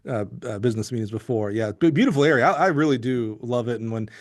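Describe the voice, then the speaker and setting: A male podcast host with an ordinary mid-range voice. He chats casually and warmly with his guest, stumbling and restarting sentences as he goes. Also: mid-range voice, fast talker. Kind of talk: casual interview chat.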